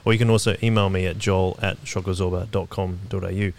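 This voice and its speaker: A man hosting a podcast, wrapping up the episode in a friendly, relaxed way with a few fillers. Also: low voice, fast. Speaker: podcast host. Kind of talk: podcast sign-off.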